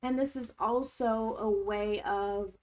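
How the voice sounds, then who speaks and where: Woman host of a casual live chat, speaking gently and supportively to her viewers in a somewhat high voice. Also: steady tone, takes it slowly. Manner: warm, supportive, reads chat aloud. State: tearing up. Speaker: livestream host.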